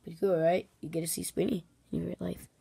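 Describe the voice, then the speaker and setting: A woman's voice: fairly low pitch, flat delivery, fast, gravelly, very noisy. A woman making a home video, talking to the camera in a playful, rambling way and dropping to a near-whisper for asides. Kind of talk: playful toy-play vlog.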